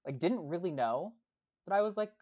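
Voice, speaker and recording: A young woman talks at normal speed in a fairly low, darkish voice that's expressive. She's a podcast guest in a relaxed interview, hesitant and prone to fillers and restarts.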